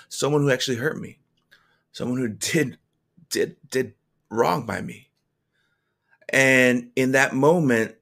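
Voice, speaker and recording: A man's voice: medium pitch, a bit bright. Earnest man telling a faith testimony. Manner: earnest and halting, with frequent restarts. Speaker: speaker sharing a personal faith testimony. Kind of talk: personal testimony storytelling.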